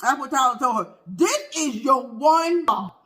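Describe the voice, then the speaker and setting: Brief: performer as a high, bright, sassy auntie who swoops all over while dishing gossip between bites. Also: exaggerated voice. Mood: gossipy. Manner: animated, talks between bites of food; exclamatory, drawn-out "baby", "child", "honey". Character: loud gossipy middle-aged auntie, woman. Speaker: comedy mukbang character. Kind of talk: comedic storytelling skit.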